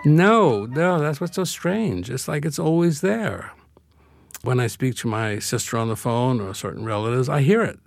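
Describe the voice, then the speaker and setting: A man's voice: mid-range voice, animated, normal speed, vocal fry. An older man from Brooklyn being interviewed, talking in a wry, reflective way and laughing easily. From Brooklyn, New York. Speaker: interview guest, author. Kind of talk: conversational interview.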